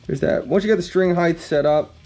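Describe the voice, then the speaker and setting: A man explaining guitar setup in a relaxed, rambling way, with many ums and some blunt cursing. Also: fairly high pitch, a little fast. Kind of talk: casual instructional talk.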